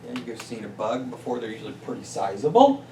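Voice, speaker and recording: A business coach and guest speaker gives an energetic motivational talk to a small audience in a meeting room, frequently checking in with "right?". He has a mid-range voice and talks fast, and the recording sounds roomy and distant with faint noise.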